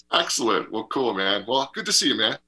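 A man co-hosting a radio talk show, telling a rambling travel story in an animated way and laughing often. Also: mid-range voice, slightly rough. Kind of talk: casual chat and travel storytelling.

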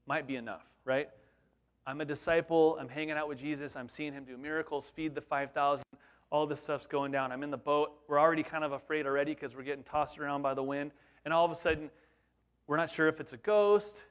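Casual, animated preacher, man, higher voice. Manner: conversational and animated, rhetorical questions. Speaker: pastor. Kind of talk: sermon.

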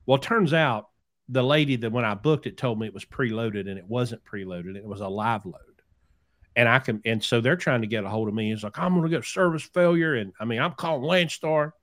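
Male podcast host, casual storyteller, lively anecdotes with acted-out quotes, mid-pitched. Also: a little fast. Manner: animated anecdote-telling, acting out quoted people. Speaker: podcast host, trucking business owner.

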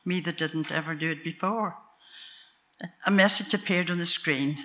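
An older woman with a Northern Irish accent tells a story from her own life. Her voice is very bright and sharp, and she makes wry, self-mocking asides in a homely way. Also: on the low side, normal speed. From Northern Ireland. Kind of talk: live storytelling from memory.

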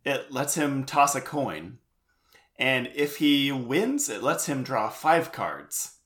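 Relaxed man in casual podcast chat. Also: medium pitch, takes it slowly. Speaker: podcast co-host. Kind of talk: casual chat recapping a show.

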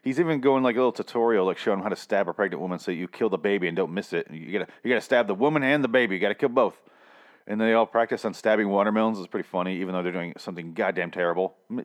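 A man casually recapping a TV episode, rambling and swearing freely as he acts out the characters' lines. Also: fairly low pitch. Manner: profane, rambling, quick to act out characters' lines.

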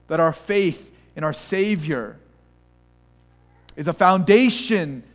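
A male pastor delivers an impassioned sermon in a strikingly high voice. He moves between quiet, slowed passages and louder, pleading ones, and now and then acts out the voices of people in the story. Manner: impassioned, swinging between hushed and raised.

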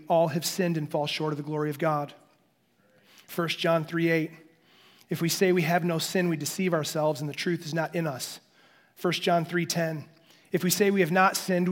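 High-voiced pastor preaching emphatically. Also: male voice. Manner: emphatic preaching with slow, weighted repetitions. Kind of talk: sermon. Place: church sanctuary.

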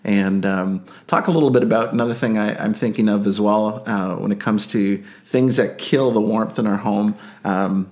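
A man's voice: on the low side, steady tone, moderate pace, few pauses, darkish tone. A man hosting a casual parenting discussion, hesitant, with many fillers and "right?" tag questions. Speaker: podcast host.

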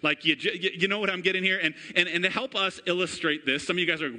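A man in his thirties preaching a sermon to a congregation, energetic and chatty, often calling out for amens and asking the room questions. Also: on the high side, fast talker. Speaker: pastor. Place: church before a congregation.

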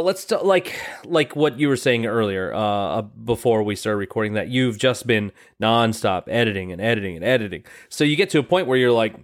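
A man co-hosting a writing podcast, a music teacher by trade, who talks in a casual, joking, self-deprecating way with many hesitations. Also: medium pitch. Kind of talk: casual chat. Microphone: remote call mic.

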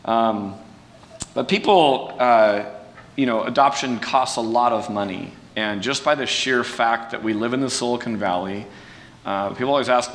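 A man preaching in a relaxed, conversational way, folksy and self-deprecating, with restarts and fillers. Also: normal speed. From California. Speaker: pastor. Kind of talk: conversational sermon talk. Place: church sanctuary. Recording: distant mic with long hall reverb and faint rumble.

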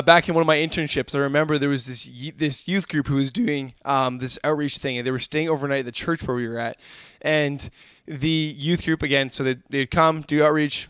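A young adult man delivering a sermon with fervent energy, repeatedly calling his listeners "guys". His voice sits a little higher than most men's. The sound is dry, with no room echo. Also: a bit bright, clear, resonant tone. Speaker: preacher.

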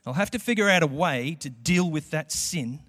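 A man's voice: on the high side, animated, normal speed, a bit bright. A man preaching a sermon in a church, conversational and acting out quotes. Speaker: pastor. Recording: echoey hall with long reverb.

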